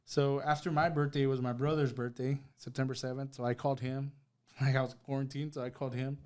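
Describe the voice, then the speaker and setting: A man's voice: mid-range voice, level tone, quick pace, a little mellow. A man, a podcast guest telling a personal story in casual conversation, often asking "right?" and saying "bro". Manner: conversational, retells with quoted dialogue, fillers like "right?" and "bro".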